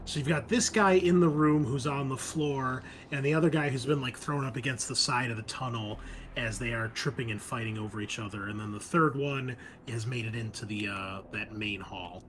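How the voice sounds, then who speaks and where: A man running a tabletop game as game master, narrating the scene in a relaxed, chatty way. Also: mid-range voice, normal speed, a little hiss or hum.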